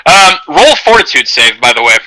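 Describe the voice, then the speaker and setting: A man's voice: a little high, very animated, normal speed, sharp tone, low-quality recording. A man narrating a tabletop game as game master, in a loose, rambling way with many fillers.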